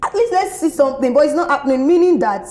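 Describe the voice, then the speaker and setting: Animated Nigerian woman telling a story. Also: high voice, quick pace, soft background music. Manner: animated, acts out quoted voices. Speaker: activist guest. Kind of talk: interview storytelling.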